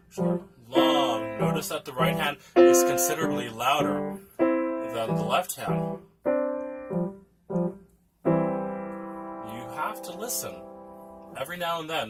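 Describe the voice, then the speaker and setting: A man teaching a piano lesson, patiently counting rhythms aloud for students to follow. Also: mid-range voice. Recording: loud music under the voice. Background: piano playing.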